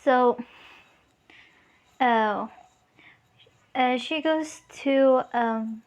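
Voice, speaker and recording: A young woman makes up a fan story as she goes, pausing often and filling gaps. Her voice is high and she talks slowly. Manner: hesitant, many fillers. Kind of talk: improvised fan story narration.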